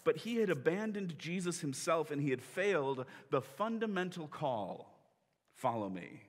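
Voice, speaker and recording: A man's voice: on the high side, sing-song, moderate pace, long reverb tail. A man preaching a sermon as pastor, telling the story conversationally and acting out the quoted lines. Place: church sanctuary.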